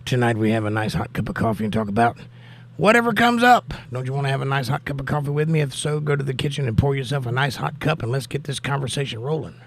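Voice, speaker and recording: A man's voice: mid-range voice, very fast, few pauses. Upbeat older man hosting a live chat. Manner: upbeat, animated greetings to viewers. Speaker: host. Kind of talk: live-stream chat reading viewer comments.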